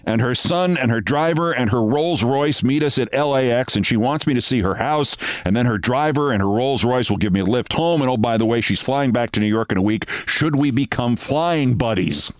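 A man in his sixties, hosting and telling a brisk anecdote, acting out the dialogue of the people in it. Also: medium pitch, dry recording. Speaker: host. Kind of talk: anecdotal storytelling monologue.

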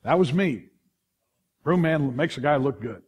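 A middle-aged man with a Californian accent, preaching a sermon in a lively storytelling way, full of restarts and asides to the congregation. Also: fairly high pitch, unhurried, breathy edge. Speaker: pastor.

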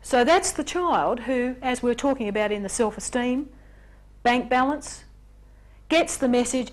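A woman presenting a relationships workshop in an animated way, acting out examples in character voices. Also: fairly high pitch, a little slow. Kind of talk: lecture on relationships.

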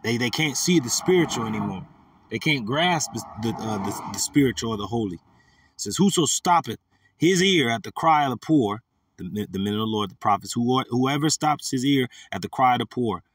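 A man's voice: medium pitch, lively intonation, normal speed, far from the mic, background noise. A man preaching a sermon, reading scripture verses with rising emphasis and often repeating his words.

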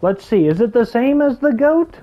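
A woman giving excitable gameplay commentary, gasping and exclaiming as she reacts. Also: fairly high pitch, normal speed, dull audio. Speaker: gaming YouTuber.

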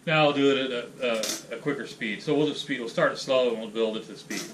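A man teaching a casual drum lesson, counting sticking patterns aloud and rambling in a relaxed way between exercises. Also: medium pitch, a little fast, very noisy. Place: room with a drum kit. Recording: distant mic, loud drums. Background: loud drum kit playing.

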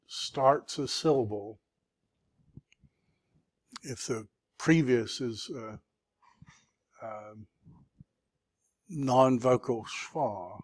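A man's voice: mid-range voice, dry recording. A man teaching a classroom review, sounding words out syllable by syllable with patient encouragement. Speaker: Hebrew teacher.

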